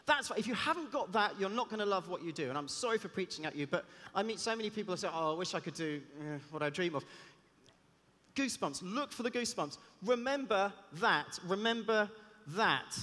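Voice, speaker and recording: A man, a cellist giving a lively talk on stage, chatty and joking in asides. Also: sits high. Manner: chatty, self-deprecating, jokey asides. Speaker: conference speaker and cellist. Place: large hall on stage. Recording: long reverb of a big hall.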